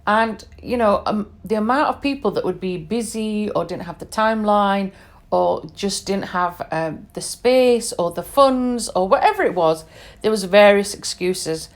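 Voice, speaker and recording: A woman's voice: mid-range voice, lively intonation, measured pace. A British woman in her forties shares her own travel memories on a podcast. She speaks chattily, leans hard on the points she wants to land, and often drops in little asides to the listener. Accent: British English. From England. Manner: conversational, emphatic, lots of fillers and asides. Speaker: podcast host. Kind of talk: personal storytelling monologue.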